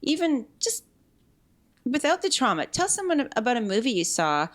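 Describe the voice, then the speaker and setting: A woman guest talking candidly in an interview, animated, with quick restarts and acted-out quotes. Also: fairly high pitch. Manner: animated, fast restarts, acts out quoted speech. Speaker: podcast guest.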